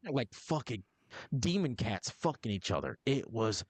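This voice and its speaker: Man, podcast co-host, mid-pitch, profane, rambling, dry close sound. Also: sing-song, a little slow, no echo. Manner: profane, rambling, self-interrupting. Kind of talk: casual movie review chat.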